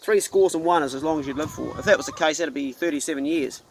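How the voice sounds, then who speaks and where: A man's voice: fairly high pitch, fast, slight background noise. A middle-aged man with a New Zealand accent, a hunting vlogger ranting casually to camera in a blunt, profane, folksy way.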